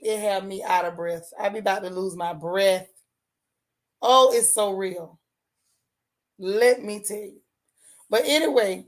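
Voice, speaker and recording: A woman hosting a casual gossip livestream, chatting with viewers in a sassy way and repeating lines for emphasis. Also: mid-range voice. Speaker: host of a gossip and TV recap livestream.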